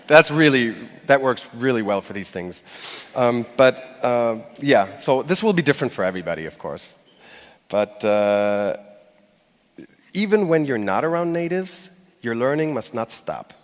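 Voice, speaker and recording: Male stage speaker, mid-pitched, conversational and halting with fillers, long hall reverb. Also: animated. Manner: conversational, hesitant with fillers and restarts; acts out short quoted phrases with light laughs. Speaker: conference speaker. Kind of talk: live public talk.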